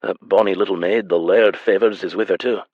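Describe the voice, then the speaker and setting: A man voicing a gruff, grating-voiced Scottish henchman with a Scottish accent. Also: sits low, fairly even intonation, fairly quick, no room sound, muffled recording. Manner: gruff, demanding.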